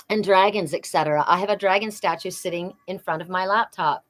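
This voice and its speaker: A woman's voice: mid-range voice, brisk, fairly bright tone. A middle-aged woman doing a live oracle card reading, talking earnestly and repeating phrases for emphasis.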